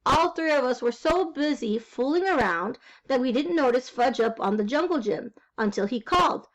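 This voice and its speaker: High-voiced woman reading a storybook. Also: normal speed, lo-fi sound. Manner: lively first-person telling, wry. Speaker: reader. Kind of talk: storybook read-aloud.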